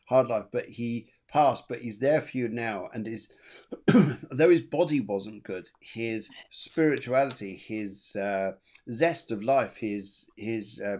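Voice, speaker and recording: A man's voice: mid-range voice, darkish tone. A man hosting a live online psychic show, giving readings and chatting about viewer messages in a rambling way with many fillers. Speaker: medium and show host.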